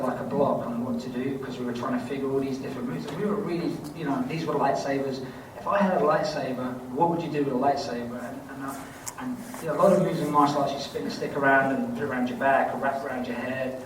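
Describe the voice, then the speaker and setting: A man's voice: mid-range voice, fairly even intonation, quick pace, few pauses. Scottish-born man with a London accent. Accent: London English. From Scotland. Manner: rambling, good-humoured, self-mocking anecdotes. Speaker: convention panel guest. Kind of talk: casual panel Q&A answers. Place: large convention hall. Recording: echoey hall, distant mic, background noise.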